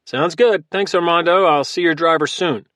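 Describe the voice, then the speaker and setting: A man voicing a calm, calculating former Marine who talks in a friendly, easygoing way. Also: on the high side, moderate pace, dry recording, studio quality, pitched above the performer's own voice, lightly acted. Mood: casual. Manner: casual and friendly, turning hard.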